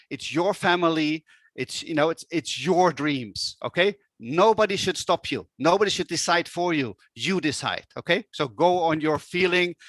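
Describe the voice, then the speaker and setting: Man presenting with a bright, ringing voice, dry and close; emphatic motivational talk. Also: a little high, no echo. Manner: emphatic, repeats "okay?" for effect. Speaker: business presenter.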